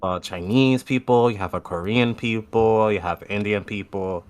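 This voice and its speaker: Deep-voiced Japanese man chatting earnestly. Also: normal speed. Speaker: podcast guest. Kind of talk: casual chat.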